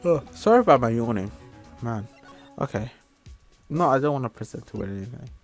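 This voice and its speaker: Guy doing a lets play, chill commentary, trips over words, mid pitch. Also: a little fast, soft background music. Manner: relaxed, stumbles over words. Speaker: let's play gamer. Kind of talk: casual game commentary and reading dialogue.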